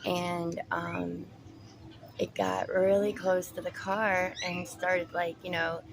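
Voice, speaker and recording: A young woman vlogging while she talks to pet birds, switching between high, drawn-out baby talk to them and rambling stories full of fillers. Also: flat delivery, creaky, noisy background. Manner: rambling storytelling with many fillers. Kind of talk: casual vlog, chatting to pet birds. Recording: loud bird chatter in background. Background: birds squawking.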